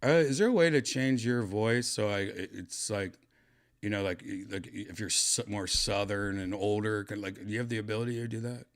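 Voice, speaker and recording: A man hosting a podcast, chatting casually in a rambling, halting way with crude asides. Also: lowish voice, fairly even intonation. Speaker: podcast host. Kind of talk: casual chat.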